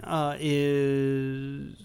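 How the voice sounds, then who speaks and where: Smooth-voiced man rambling through a movie review. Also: mid-range voice, completely flat delivery, extremely slow, darkish tone. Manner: rambling, many restarts and fillers. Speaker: podcast co-host. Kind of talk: casual movie review chat.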